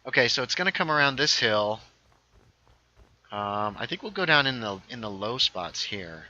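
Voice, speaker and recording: Guy streaming a game, really bright sharp voice, chats along and reads out chat, kinda dull lo-fi audio. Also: medium pitch, sing-song, normal speed. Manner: thinks aloud while building, reads viewer chat aloud. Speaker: livestream host. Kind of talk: casual gaming livestream chat.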